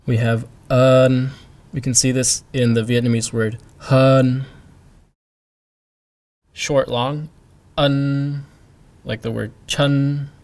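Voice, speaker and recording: Slow, deliberate man teaching pronunciation. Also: medium pitch, little pitch movement, a little mellow. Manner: slow, deliberate, repeats sounds for drill. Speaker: language teacher. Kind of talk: pronunciation lesson.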